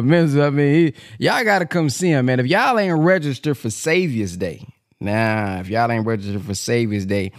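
A man hosting a podcast in casual chat, slangy and animated. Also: mid-range voice. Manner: animated, laughing, slangy, says "boy" and "man" a lot. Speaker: podcast host.

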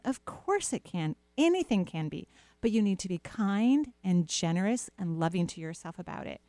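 A middle-aged woman hosting a call-in show, gently reassuring a caller with playful asides. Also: on the low side, dry recording. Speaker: radio show host, intuitive healer. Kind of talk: casual advice talk to a caller.

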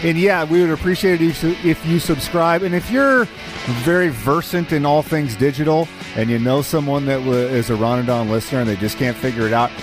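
A man co-hosts a podcast in an easygoing, chatty manner. Plucked guitar music plays clearly behind his voice. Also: fairly high pitch, a little fast. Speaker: podcast co-host. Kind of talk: casual podcast chat.

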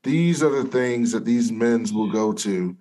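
A man's voice: fairly low pitch, animated, unhurried, warm tone. A man co-hosting a podcast in casual chat, explaining his take in a thoughtful, earnest way. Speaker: podcast co-host.

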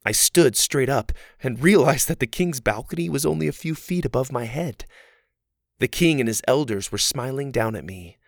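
A man narrating a fantasy story in the first person, dramatic, moving from hushed passages to loud, excited ones. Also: medium pitch, moderate pace, no echo, clean studio sound.

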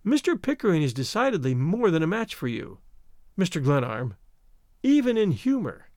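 A haughty young woman speaks with icy contempt, played by a male narrator in his own slightly raised voice. She sounds composed and dismissive, her pitch rising and falling for emphasis. The recording is close and dry. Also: big pitch swings, moderate pace, darkish tone, no echo. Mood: disdainful. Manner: cold, disdainful. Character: scornful cold young woman.

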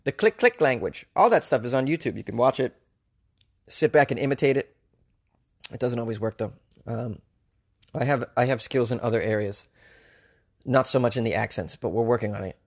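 A man's voice: mid-range voice, fairly quick, pauses often. A man hosting his own podcast, a stand-up comic chatting casually and jokingly, rambling with lots of fillers. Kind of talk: casual solo podcast chat.

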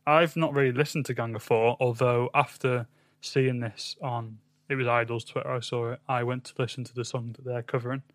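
A man's voice: medium pitch, dry recording. A man co-hosting a casual music podcast, rambling and hesitant, with lots of ums. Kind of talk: casual chat.

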